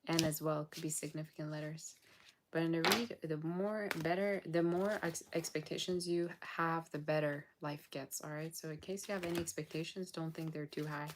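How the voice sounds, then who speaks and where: Late at night, a tired woman gives a casual tarot reading straight to her viewers, blunt, sassy and yawning. Her voice is low and steady at a moderate pace, and the recording is very noisy.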